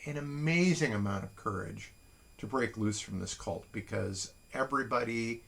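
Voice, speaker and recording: A man hosting a casual morning livestream, reading listeners' haiku slowly and adding wry, chatty asides from his desk at home. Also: medium pitch, creaky, a bit bright. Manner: chatty and wry, reads poems slowly and deliberately.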